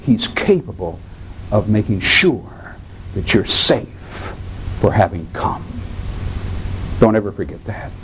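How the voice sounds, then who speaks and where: A man preaching a sermon who swings his voice high and low and acts out the voices in the story he tells. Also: expressive, slow pace, long pauses, a bit bright, slight background noise, low-quality recording. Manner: preaching with sweeping rises and drops in pitch. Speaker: pastor.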